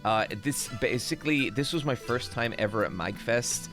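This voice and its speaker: A man's voice: mid-range voice, animated, normal speed, a bit bright, soft background music. A man hosting a stream, casually telling a rambling, self-deprecating story while tired after a very long session. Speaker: streamer and podcast host.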